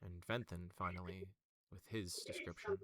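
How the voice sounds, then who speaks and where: Deep slow guy running a tabletop game, dry close mic. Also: fairly even intonation, a bit bright, no room sound. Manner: descriptive, hedging with fillers. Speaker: game master.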